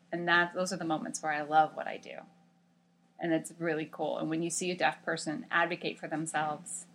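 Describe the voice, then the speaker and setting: A woman with a somewhat low voice tells stories from her work as a sign language interpreter. She is animated and emphatic, often restarting her sentences as she goes.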